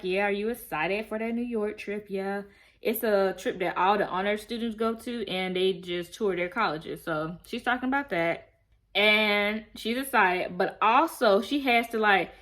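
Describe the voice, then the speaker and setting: A woman in a casual, animated recap of a TV show, telling it in a slangy, chatty way. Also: mid-range voice, moderate pace. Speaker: TV show reviewer.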